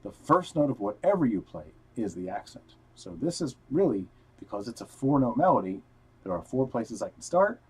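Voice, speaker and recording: A man's voice: mid-range voice, sing-song, normal speed, breathy edge, poor audio. A man teaching guitar technique in a casual live-streamed lesson, explaining step by step and counting notes aloud while he plays. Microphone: headphones on, wired mic. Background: guitar playing.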